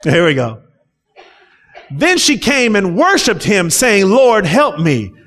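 A man's voice: sits high, very animated, takes it slowly, fairly bright tone. A man preaching a sermon, reading scripture aloud and explaining it with rising fervor. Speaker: pastor.

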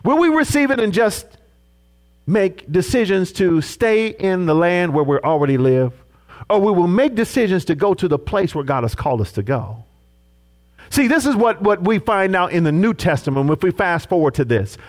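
Lively high-voiced male preacher. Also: normal speed. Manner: animated preaching, acting out quoted speech. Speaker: pastor. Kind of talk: sermon.

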